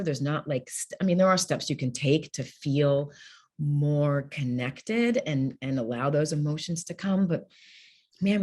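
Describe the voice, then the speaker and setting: Husky lady guest on a podcast, kinda low voice, laughs a lot and acts out little quotes. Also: a little mellow. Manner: candid, laughs often, acts out quoted speech. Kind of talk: conversational interview.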